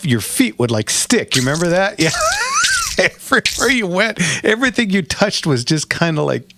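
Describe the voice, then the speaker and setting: A man's voice: high-pitched, huge pitch swings, moderate pace, noisy background. A middle-aged man hosting a radio talk show, rambling and chatty, laughing often. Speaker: radio show host and auction owner.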